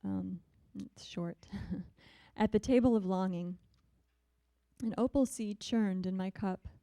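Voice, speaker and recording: A woman poet reading her poems in a measured, deliberate way, with soft, hesitant asides between them. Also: mid-range voice, no echo. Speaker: visiting poet. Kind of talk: poetry reading.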